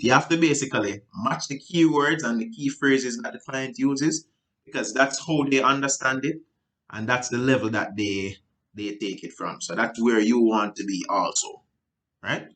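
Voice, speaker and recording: A man giving a casual sales training talk, looping back with "right?" and restarting sentences, and acting out client exchanges with sudden high and low voices. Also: fairly bright tone. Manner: loose, repetitive, frequent "right?" and restarts; acts out client dialogue with big pitch jumps.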